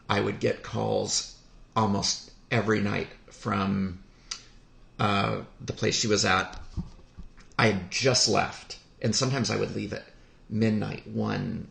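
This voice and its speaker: A man telling a personal story on a podcast, speaking in a halting, heartfelt way with many pauses. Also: on the low side, steady tone, creaky, fairly bright tone. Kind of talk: podcast conversation. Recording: roomy echo.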